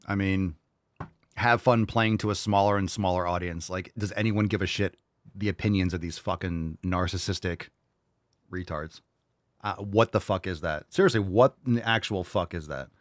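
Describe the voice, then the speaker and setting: A low-pitched man hosting a livestream, ranting with mocking, profane commentary between comments read from chat. His voice sits close and dry on the mic, with no room around it. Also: normal speed, dry recording. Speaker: host.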